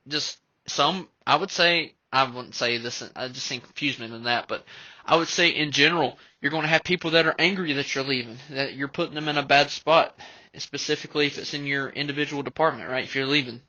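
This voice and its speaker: A man's voice: fairly high pitch, bright, forceful tone, no room sound. A young man hosting a podcast, talking casually and rambling a bit as he breaks down a country song. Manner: rambling, conversational, fond of "like" and "right?". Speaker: podcast host. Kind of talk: casual music commentary. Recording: dull lo-fi dry recording.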